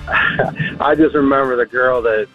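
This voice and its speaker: A man's voice: medium pitch, fairly even intonation, slow, muffled recording, soft background music. A man calling in to a radio trivia game, giving short laid-back answers. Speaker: caller and game contestant.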